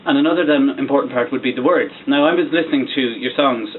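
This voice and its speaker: A man's voice: mid-range voice, fast talker, a little hiss or hum. Man interviewing on a tinny line. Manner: chatty, many fillers and short agreements. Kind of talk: casual interview questions. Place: back office of a record shop.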